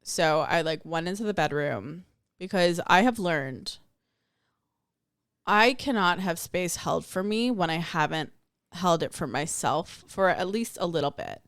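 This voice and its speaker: A woman's voice: on the low side, a little slow, a bit bright, no room sound, studio quality. A young adult woman hosting a spiritual podcast, telling a personal story in a candid, reflective way and acting out the voices in it. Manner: candid, storytelling with acted-out quotes.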